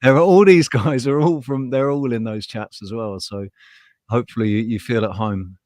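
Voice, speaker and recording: A man's voice: medium pitch, steady tone, normal speed, darkish tone, dry recording. Man with a dry close voice. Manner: rambling and passionate, voice rises when heated. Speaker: live show host. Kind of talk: casual livestream chat.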